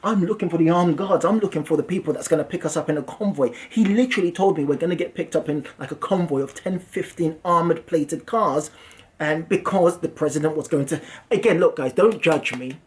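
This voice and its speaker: A young English man, a property investor and channel host, telling a story for his vlog in an animated, self-mocking way. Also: fairly high pitch, a little fast. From England.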